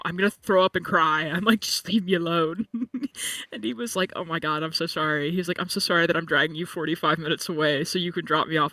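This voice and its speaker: Bright, chatty man heard from off the mic. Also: high-pitched, no room sound, recorded from a distance. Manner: chatty, animated storytelling with lots of "like". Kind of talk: casual chat. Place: home room.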